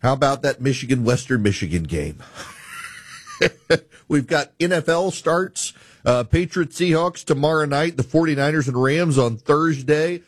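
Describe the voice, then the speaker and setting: A man's voice: a little high, a little slow, dry recording. A man hosting a political talk show, introducing clips in a casual, conversational way. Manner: conversational, restarts phrases. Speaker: host.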